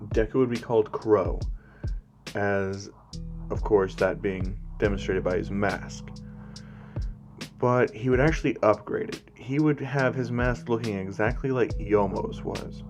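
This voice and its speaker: Male storyteller, deep and unhurried, casual and rambling. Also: music in the background. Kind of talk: casual fan story narration.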